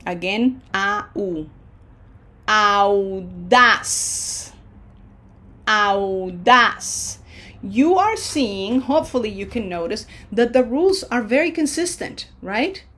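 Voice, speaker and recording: A woman teaching pronunciation in a slow lesson, drawing out each syllable and often checking in with "okay?". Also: on the high side, big pitch swings, slightly rough. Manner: drawn-out syllable-by-syllable modeling of words.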